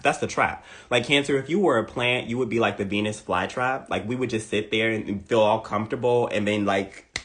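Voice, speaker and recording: Comedic male astrology creator, casual monologue, repeats punchlines for effect. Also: mid-range voice. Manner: animated, playful, repeats lines for emphasis.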